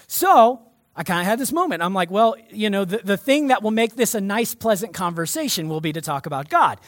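A male pastor delivering a sermon to his church in an emphatic, energetic way. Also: sits high, a little fast, no echo, studio quality.

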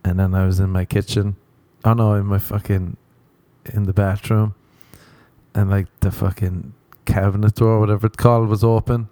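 A man's voice: lowish voice, flat delivery, moderate pace, mellow, no echo. A man hosting a podcast, telling rambling, profane, self-mocking stories in a casual comedic monologue. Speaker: podcast host.

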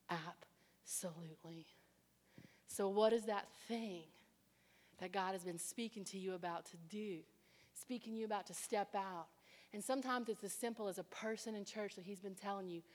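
A woman preaching a sermon, telling her own story with animated delivery and acting out other people's voices. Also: mid-range voice. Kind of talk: sermon with personal testimony. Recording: long reverb of a large hall.

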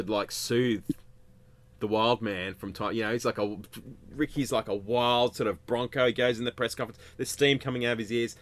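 Wry sports podcast host. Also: male voice, mid-range voice. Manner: wry, ribbing, rambling storyteller. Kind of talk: casual sports chat.

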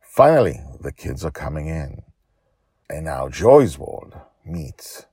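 A man with an extremely deep, gravelly voice narrates his own storybook and talks about how he wrote it. His reading swings through a wide range of pitch, and the sound is dry and close. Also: slow, no echo. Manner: lively, expressive reading. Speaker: author and storyteller. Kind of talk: storybook narration and author commentary.

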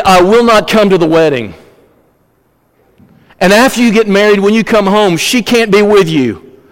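A man preaching a sermon as a pastor, telling a story earnestly and dropping his voice low on key points. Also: big-room sound, poor audio. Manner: earnest storytelling preacher, varies pace, drops low for emphasis.

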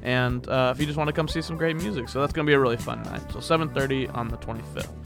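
A male podcast host in a loose, chatty monologue, easygoing and upbeat, his voice mid-range and springing up into high, jokey swoops now and then. Soft music sits faintly behind him. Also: fast talker, vocal fry. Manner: rambling and upbeat, with laughs and playful pitch jumps. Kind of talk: casual podcast intro monologue.

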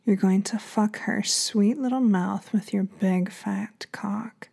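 A woman voicing a stern, commanding woman detective who gives orders in a hushed, breathy voice. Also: mid-range voice, level tone, extremely slow, heavily acted. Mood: lustful whisper.

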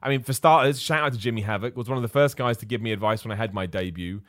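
A man's voice: medium pitch, no room sound, clean studio sound. A young man hosting a wrestling chat stream, answering viewer questions in a casual, opinionated way that turns heated at times. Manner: opinionated, animated, quick to get heated.

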